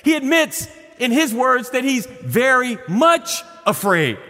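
A middle-aged male pastor preaching a sermon in a conversational, humorous way, often dropping to a quiet voice. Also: very high voice, sing-song, takes it slowly, in a large hall.

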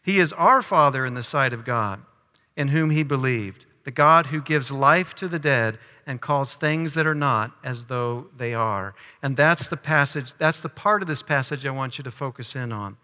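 A man's voice: medium pitch, normal speed, bright, forceful tone, long reverb tail. A man preaching a sermon, reading scripture aloud and asking his listeners teaching questions. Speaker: pastor.

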